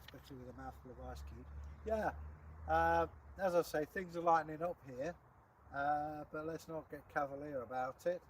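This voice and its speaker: A man, chatting casually on a livestream, jokey and quick to laugh. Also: fairly high pitch, a little hiss or hum, poor audio. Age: 60s. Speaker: co-host.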